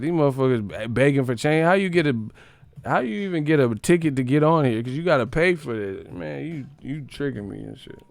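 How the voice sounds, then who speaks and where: A man from the Bay Area hosting a sports live stream, ranting in a profane, animated, comedic way and laughing often. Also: medium pitch, normal speed, creaky, no echo, soft background music. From San Francisco Bay Area.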